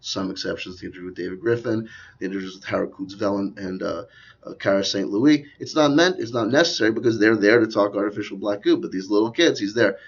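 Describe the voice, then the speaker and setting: This man talks fast in a lowish, slightly rough voice. His video is a rambling conspiracy commentary, sardonic and peppered with asides, and the audio has a dull lo-fi quality.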